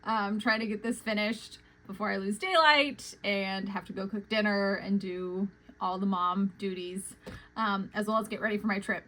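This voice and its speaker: A young adult woman, chatting casually about her cross-stitch projects, with lots of "um" fillers and quick, self-conscious talk. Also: medium pitch, fairly even intonation, a bit bright, poor audio. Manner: chatty, many "um" fillers, says she talks fast. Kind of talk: casual chat.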